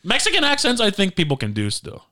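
A man's voice: high voice, wildly swooping pitch, fast, bright, forceful tone. A man hosting a podcast, chatting in a rambling, jokey way. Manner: rambling, jokey, many restarts. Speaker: podcast host. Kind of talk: casual chat.

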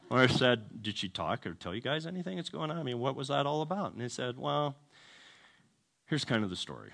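With a mid-range, creaky voice and a slightly quick pace, this preacher delivers a comic, self-mocking sermon story. He brings it to life by acting out what the people in it said.

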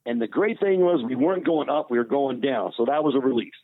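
A man, a former baseball pitcher, telling a story in casual conversation and acting out the dialogue as he goes. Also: a little fast, dry recording. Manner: animated retelling with quoted dialogue. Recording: tinny phone line, dry.

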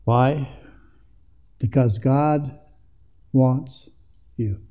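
A man's voice: medium pitch, extremely slow, warm tone. A man preaching a sermon in an earnest way that builds to emphatic passages.

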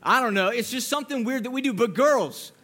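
A man's voice: extremely high pitch, lively intonation, a little fast, sharp tone. A young man giving a youth sermon in a playful, joking way, acting out voices to make his point. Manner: playful, jokey, acts out voices. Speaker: youth pastor.

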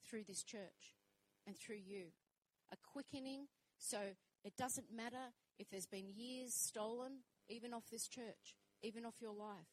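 A woman's voice: mid-range voice, no room sound, low-quality recording. A woman minister preaching a sermon, fervent and repetitive, building up to strong declarations. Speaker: minister and fitness trainer.

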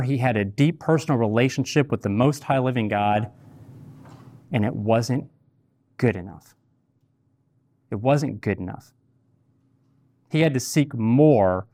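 A man's voice: mid-range voice, unhurried, long pauses, a little mellow, no room sound. A man preaching a sermon, telling a personal story candidly and repeating key phrases for weight. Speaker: pastor.

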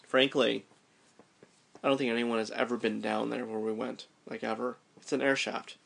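A man casually recounting a descent down a mine shaft, animated and restarting his sentences as he thinks aloud. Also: mid-range voice, moderate pace, creaky. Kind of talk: casual storytelling chat.

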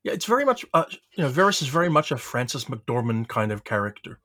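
A man's voice: mid-range voice, sing-song, quick pace, bright, forceful tone. A man co-hosting a podcast interview, enthusiastic and talking his points through at length before asking a question. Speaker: podcast co-host. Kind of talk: casual interview talk.

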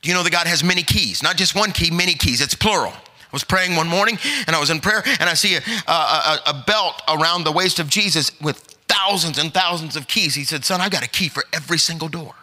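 A man's voice: a little high, a little fast, bright, forceful tone. A middle-aged man preaching as an evangelist, telling stories and building to emphatic urging. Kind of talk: sermon. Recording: long hall reverb.

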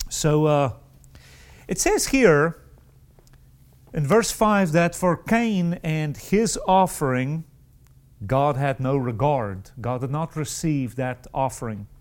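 A man preaching a sermon, with repeated words and restarted phrases, and sudden rises in pitch. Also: animated, takes it slowly.

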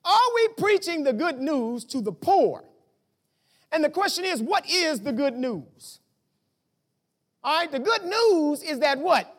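A man preaching a sermon as pastor, asking rhetorical questions and breaking into shouts. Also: very high-pitched, big pitch swings, measured pace, pauses often.

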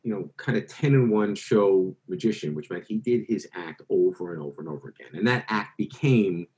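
Man telling lively anecdotes as a guest. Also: sits low, a little fast. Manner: lively anecdotes with quoted voices. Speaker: author and guest. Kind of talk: interview storytelling.

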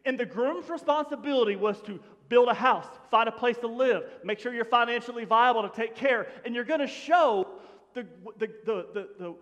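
A man preaching a sermon to his congregation in an animated, conversational way, often dropping to a hush. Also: very high voice, moderate pace, muffled recording. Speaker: pastor. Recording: long hall reverb.

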